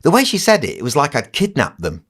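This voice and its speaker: A man in his sixties, a children's entertainer, telling stories on a podcast in a lively way and acting out what other people said. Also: mid-range voice, quick pace. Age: 60s. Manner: animated storyteller who acts out other people's lines. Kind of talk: casual anecdote telling on a podcast.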